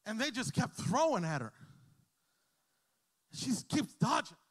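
A male pastor with a high, bright-pitched voice delivers a sermon to his congregation. He tells stories with easy humor, then climbs in volume and intensity until he is shouting. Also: very animated, unhurried. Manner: storytelling, jokes with the crowd, builds to shouting. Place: church hall with a congregation.

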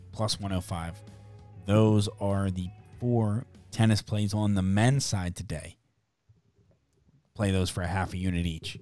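Low-voiced man rattling off betting odds. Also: steady tone, warm tone, soft background music. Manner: brisk, rattles off odds and numbers. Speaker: sports betting podcast host. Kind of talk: casual betting chat.

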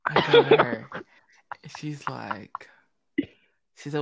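Young man telling a story with animated quotes. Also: fairly high pitch, slow, vocal fry, long pauses. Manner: animated storytelling, acts out quotes, lots of "I'm like". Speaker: storyteller among friends. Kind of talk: casual chat.

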